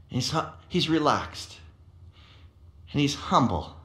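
A man with a notably high voice delivers a sermon as a pastor. He tells stories with animation, doubling back on words as he speaks. The sound carries a roomy echo. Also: moderate pace. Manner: animated storytelling with frequent repeated words.

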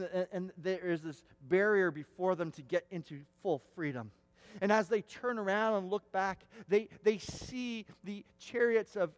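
A man preaching a sermon as pastor, emphatic and repeating words for stress, with a long hall reverb. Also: sits high.

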